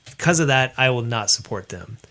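A man's voice: medium pitch, expressive, brisk, pushed and bright. A man, a craft beer bar owner, talking earnestly and with firm opinions as a podcast guest. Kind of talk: casual podcast chat.

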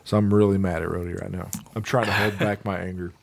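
A man co-hosting a podcast in casual chat, animated, laughing and swearing often. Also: sits low, fast, gravelly. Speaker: podcast co-host.

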